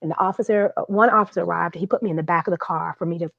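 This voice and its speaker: A woman tells her own story at a conference, in an earnest, halting way full of restarts and small laughs. Her voice sits low, and the audio is dull and dry. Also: gravelly, no room sound. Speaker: guest speaker, domestic violence survivor. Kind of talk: personal testimony at a conference.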